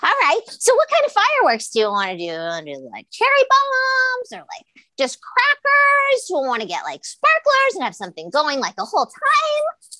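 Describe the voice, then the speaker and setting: A woman doing an eager young store clerk in an improv comedy scene. She gushes and fumbles for words, her high bright voice leaping up and down in pitch, recorded dry. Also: huge pitch swings, normal speed, dry recording, heavily acted. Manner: gushing, hesitant, fumbling for words.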